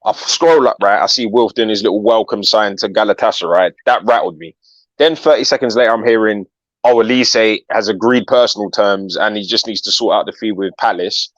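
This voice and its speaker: Low man, slangy storyteller, dry dull mic. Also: fairly quick, fairly bright tone, dry recording. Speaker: co-host. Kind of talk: live fan reaction chat.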